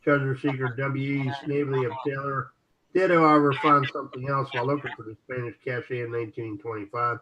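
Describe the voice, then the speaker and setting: A man's voice: medium pitch, a little fast, crowd noise. A man co-hosting an internet radio show, reading articles aloud and sometimes stumbling over words. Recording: dull lo-fi audio with steady noise.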